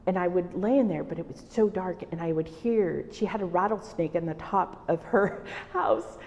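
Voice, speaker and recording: A Salvadoran woman in middle age, an artist who works in wood, recounts personal stories in a thoughtful interview. Her voice is low and darkish at a moderate pace, and the audio from the reverberant exhibition hall sounds dull.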